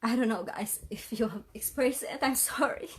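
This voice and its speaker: An adult mother vlogging on an emotional livestream addresses her audience head-on, voice wavering as she cries. She sounds somewhat high and husky, breaking off mid-phrase, saying sorry over and over, and letting out teary half-laughs.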